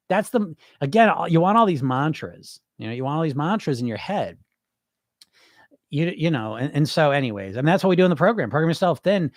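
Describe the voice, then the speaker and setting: A man delivers a blunt, profane coaching rant, his fairly high voice swinging widely as he fires off rhetorical questions. The sound is close and dry, with no room around it. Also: sing-song, normal speed, dry recording. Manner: mimics listeners' excuses mid-rant. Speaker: podcast host, weight-loss coach. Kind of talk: solo podcast monologue.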